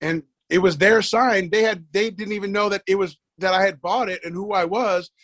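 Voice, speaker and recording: A middle-aged man with a slightly high voice, recorded close and dry with no room sound. He tells his story with animation, acts out the other people's lines and stumbles over repeated words when he gets excited. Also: moderate pace, no room sound. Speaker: podcast guest. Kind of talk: casual storytelling interview.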